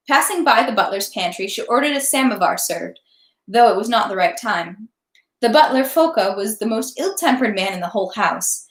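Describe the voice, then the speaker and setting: A woman reading a classic novel aloud at a steady pace, now and then stumbling and correcting herself. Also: mid-range voice, moderate pace. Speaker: audiobook reader. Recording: echoey room.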